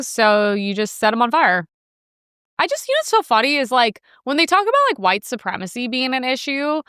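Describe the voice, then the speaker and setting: A young woman hosts her own commentary show, delivering sarcastic, rambling takes full of fillers. Her voice sits a little high, with a bright, smooth tone, and her pitch swings widely as she talks. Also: dry recording, clean studio sound. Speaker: host. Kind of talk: casual commentary reacting to news clips.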